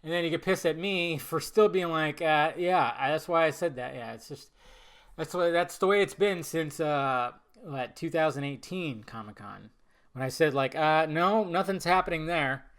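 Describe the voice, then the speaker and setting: A young man hosting a casual solo podcast, swearing freely and swinging between low mumbled asides and loud, exasperated outbursts. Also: moderate pace. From Southern California. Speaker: podcast host.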